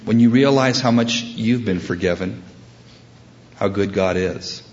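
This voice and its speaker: A man's voice: fairly low pitch, a little slow, darkish tone, lo-fi sound, a little hiss or hum. Preacher man telling stories. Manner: storytelling, acts out quoted voices, humorous asides. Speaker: pastor. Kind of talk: sermon.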